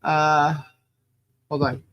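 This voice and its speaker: Fairly high in pitch, the man's delivery is completely flat with drawn-out words, in a dry, dull-sounding recording. Yet the livestream co-host is upbeat and chatty, listing viewers' names, his voice a bit nasal and stuffy from allergies and humidity.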